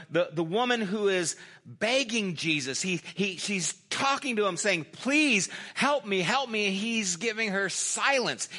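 Male pastor, sermon, bright tone, slow storytelling delivery. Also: high-pitched. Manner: storytelling, acts out quoted lines in a dropped, softer voice; conversational, with small restarts.

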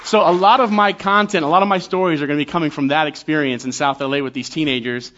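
A man in his forties preaching as a guest church elder, talking casually and poking fun at himself, with frequent quick restarts. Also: a little high, fairly even intonation, fairly bright tone, dull audio, some chatter behind. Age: 40s. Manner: conversational and self-deprecating, with quick restarts. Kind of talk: sermon with humorous stories.

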